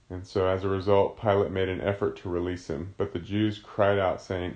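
A man's voice: sits low, fairly even intonation, normal speed, a little mellow. A man teaching a casual Bible study, explaining a passage in a conversational way.

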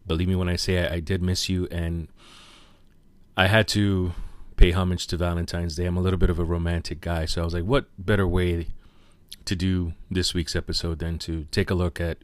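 A man's voice: low voice, flat delivery, fairly quick, no echo. A man hosting a podcast, talking casually and hesitating with fillers and self-corrections. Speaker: podcast host.

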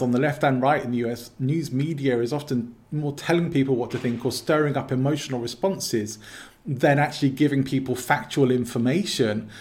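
A man with an English accent, explaining his views as an interview guest in a calm, measured way. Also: mid-range voice. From England. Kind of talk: casual interview talk.

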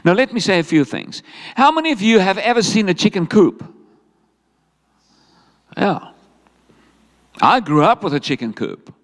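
A man preaching a sermon in a church in an animated, humorous way, often asking the congregation questions. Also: high-pitched, normal speed, pauses often, in a large hall. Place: church hall.

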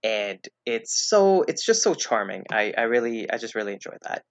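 A man chatting casually as a podcast guest, rambling and hesitant, restarting his sentences and filling pauses as he goes. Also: mid-range voice, very animated, gravelly, dry recording. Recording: dull lo-fi dry recording.

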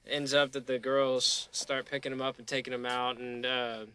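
A man hosting a podcast, telling a story in a casual, profane, animated way. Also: mid-range voice, moderate pace, clean tone. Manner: profane, animated storyteller who acts out quotes. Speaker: podcast host.

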